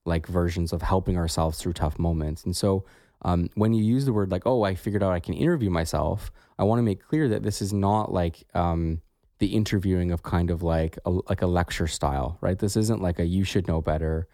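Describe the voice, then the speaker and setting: A man's voice: sits low, a little fast, warm tone, dry recording, clean studio sound. A man co-hosting a podcast, talking in a reflective, casual way with many "like" fillers. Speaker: podcast co-host.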